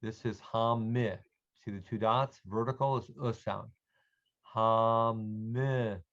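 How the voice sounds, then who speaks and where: A man teaching an online Hebrew reading lesson to adult learners, slowly and patiently sounding out words for them to repeat. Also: on the low side, fairly even intonation, a bit bright, highs cut off.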